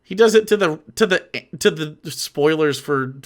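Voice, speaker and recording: A man streaming, reacting to a clip with profane ranting commentary, laughing often and swinging from mumbles to shouts. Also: fairly high pitch, lively intonation, takes it slowly.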